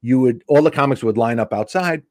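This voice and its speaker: A man's voice: mid-range voice, fairly quick, no room sound. Dry-recorded man telling comic stories. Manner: animated anecdotes, acting out quoted women. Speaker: stand-up comedian. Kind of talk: casual storytelling chat.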